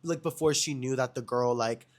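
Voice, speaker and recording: A man's voice: mid-range voice, normal speed. A young man hosting a podcast who tells gossip stories in a chatty, slangy way and keeps addressing his viewers directly. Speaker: podcast host. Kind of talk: casual gossip storytelling.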